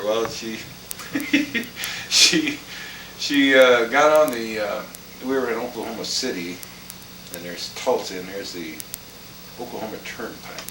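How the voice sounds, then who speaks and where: A man's voice: fairly low pitch, a little slow, pauses often. An older man casually telling rambling family anecdotes, chuckling as he goes. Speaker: storyteller. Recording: echoey room, mic far off, clear background noise.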